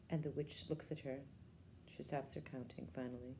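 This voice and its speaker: A woman's voice: rumbling low, steady tone, normal speed, darkish tone, a little hiss or hum. A woman librarian giving a casual, enthusiastic book talk and retelling a story, with lots of ums and uhs.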